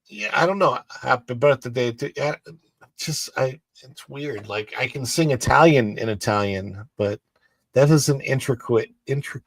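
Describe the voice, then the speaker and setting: A man's voice: mid-range voice, unhurried, no room sound. A man co-hosting a podcast, chatting casually and reading news stories, rambling with lots of fillers and restarts. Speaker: podcast co-host. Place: studio. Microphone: studio mic.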